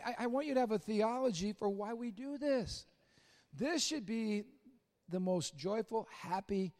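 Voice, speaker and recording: This is a middle-aged pastor, a man with a high voice, preaching a funny sermon built around stories inside a church sanctuary. His delivery jumps from loud, excited bursts to soft, whispered asides.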